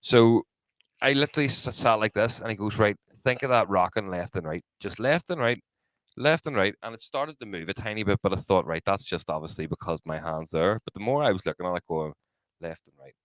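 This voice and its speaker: A man's voice: fairly low pitch, expressive, a little fast, a bit bright, no echo, poor audio. A man co-hosting a podcast, telling a story with lots of swearing and acted-out quotes. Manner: swears a lot, acts out quotes, laughs often. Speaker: podcast co-host. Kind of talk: casual storytelling chat.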